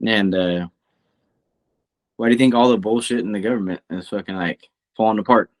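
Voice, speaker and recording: A man's voice: lowish voice, normal speed. Emphatic profane man. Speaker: podcast co-host. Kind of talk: casual chat.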